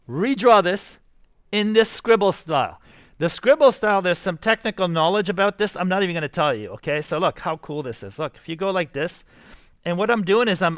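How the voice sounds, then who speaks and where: A man's voice: fairly high pitch, dry recording. Enthusiastic male art teacher, dry sound. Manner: energetic, enthusiastic, talks straight to students. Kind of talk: classroom drawing demonstration.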